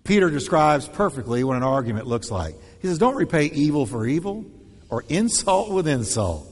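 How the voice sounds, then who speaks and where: A man preaching a sermon in an animated way, acting out quoted voices with shifting tone and pace. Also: fairly high pitch, moderate pace, slightly rough, big-room sound. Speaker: pastor.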